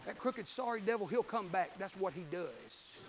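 A preacher man with a strikingly high voice for a man, delivering a sermon in church. He tells homespun stories in a fervent, folksy way that breaks into shouting. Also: big pitch swings, moderate pace, slight background noise.

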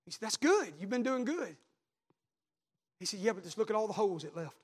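Man, pastor, high-pitched, storytelling sermon. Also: very animated, brisk, husky. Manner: storytelling preacher, builds to shouted repetitions.

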